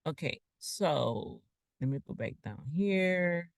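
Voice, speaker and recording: A man's voice: on the high side, animated, slow, creaky, dry recording. A man giving a casual, rambling online talk as a financial coach, preaching with asides while sharing his screen.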